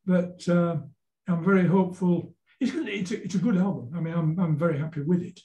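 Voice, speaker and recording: An older Yorkshire man in his seventies tells stories in a casual interview, with a mellow, dark tone pitched fairly high. He rambles and stumbles over repeated words as he gets to the point. His voice rings in an echoey room. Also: fairly quick. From Yorkshire, England. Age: 70s. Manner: rambling, repeats words while telling anecdotes. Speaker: guest folk singer-songwriter.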